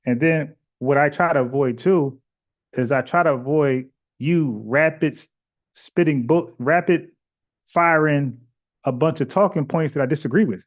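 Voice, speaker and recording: A man hosting a call-in podcast, talking bluntly and arguing his points, with lots of "like" and restarts in a casual chat style. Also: fairly high pitch. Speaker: podcast host taking callers. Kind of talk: casual live-stream chat with callers. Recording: muffled lo-fi audio.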